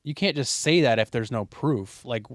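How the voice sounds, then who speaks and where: A young man co-hosting a podcast, talking in a casual, animated and opinionated way, with fillers and swearing. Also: medium pitch, normal speed, no echo, clean studio sound. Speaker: podcast co-host. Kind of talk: casual chat.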